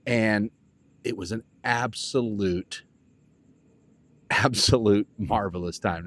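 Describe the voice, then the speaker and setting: A man hosting a podcast, telling a rambling, animated story full of fillers. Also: on the low side, takes it slowly, no echo. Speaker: podcast host. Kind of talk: casual storytelling monologue.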